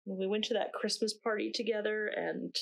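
A young woman acting a shaken narrator in a dramatic monologue, speaking slowly and haltingly with long pauses. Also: mid-range voice, steady tone, vocal fry, close to an everyday voice. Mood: haunted. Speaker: narrator recounting her own ordeal. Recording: distant mic with faint noise.

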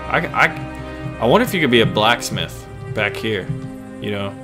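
A man's voice: fairly low pitch, lively intonation, moderate pace, music in the background. A man with a scratchy voice, giving joking, casual commentary on a game as he plays. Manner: playful, jokey, casual. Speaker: gaming channel host. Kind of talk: let's play commentary.

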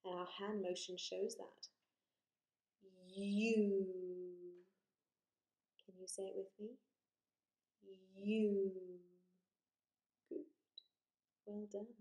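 A woman teaching a phonics lesson to young children, drawing out vowel sounds slowly and praising often. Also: medium pitch, level tone, darkish tone. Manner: slow, encouraging, exaggerated vowel sounds. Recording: echoey room.

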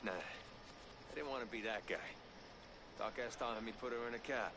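A man's voice: medium pitch, normal speed, close to an everyday voice. A man playing a game character who speaks in an offhand, matter-of-fact way. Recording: game audio heard faintly through a stream, with noise.

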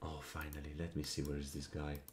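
A man giving casual commentary on his strategy game, thinking aloud, counting under his breath and flashing quick annoyance at setbacks. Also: very deep voice, completely flat delivery, a little hiss or hum. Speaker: gameplay commentator.

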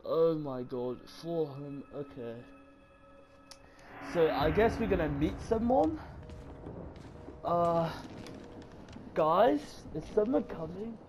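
Guy freaking out over a horror game, high voice, yelps and swears at the viewers. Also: lively intonation, slow pace, pauses often. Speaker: gamer. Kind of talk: horror game let's play commentary. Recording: loud game noise behind the voice.

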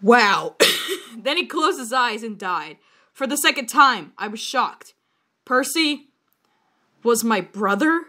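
Woman reading bad fan fiction aloud. High, bright, swooping voice. Slow, mock-dramatic delivery, bursts into shrieking laughter. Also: big pitch swings. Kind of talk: dramatic reading with mocking commentary.

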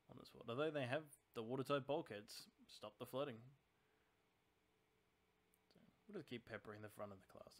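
Brief: a man of average pitch talking through his game casually, analyzing tactics aloud. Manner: chatty, analytical, thinking aloud about tactics. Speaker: channel host playing a naval strategy game. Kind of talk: casual let's-play commentary.

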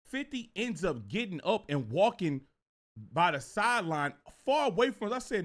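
A man's voice: high-pitched, normal speed. A man streaming live, telling a story to his chat in a casual, profane way. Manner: animated and profane, talks straight to viewers.

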